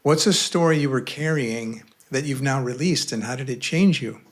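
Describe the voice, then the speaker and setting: A man with a mid-range voice hosts a casual interview. He reads out numbered questions in a relaxed tone and affirms what his guest says before moving on. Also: medium pitch, moderate pace. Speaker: interview host.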